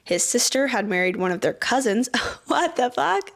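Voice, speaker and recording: A young woman hosting a casual deep-dive show, reading facts aloud and breaking off into swearing, joking asides and laughter. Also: lively intonation, normal speed, gravelly. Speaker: podcast host.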